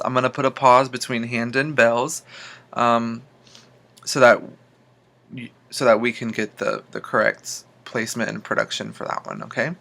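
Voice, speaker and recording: A man working as a speech therapist, recording homework and giving calm plain instructions between slowly sung practice phrases. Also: medium pitch, gravelly.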